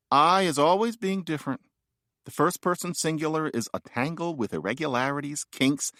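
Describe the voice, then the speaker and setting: Male author-narrator, playful and wry, very lively intonation, dry close studio sound. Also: medium pitch, no room sound. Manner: wry, playful, conversational asides. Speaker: author reading his own book. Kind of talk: nonfiction audiobook narration.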